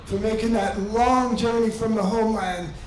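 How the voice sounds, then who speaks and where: A man's voice: high-pitched, fairly even intonation, moderate pace. An older man from New York, the father of the groom, giving a rambling, folksy wedding speech. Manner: rambling, folksy, warm-hearted. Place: wedding reception hall. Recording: echoey hall from far off, crowd noise.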